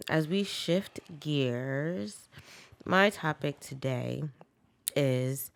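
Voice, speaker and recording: A woman's voice: sits low, vocal fry, smooth, dry recording. A woman co-hosting a podcast in casual chat, direct and teasing as she steers the topics. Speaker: podcast co-host.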